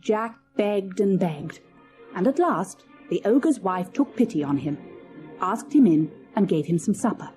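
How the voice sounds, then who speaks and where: A woman's voice: mid-range voice, animated, measured pace, dark tone, soft background music. A woman narrating a children's storybook audiobook, reading expressively and dramatically.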